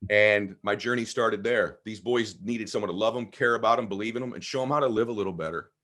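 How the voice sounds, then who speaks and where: A man, a guest on an interview podcast, telling personal stories with animated emphasis. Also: fairly low pitch, fast. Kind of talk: storytelling conversation.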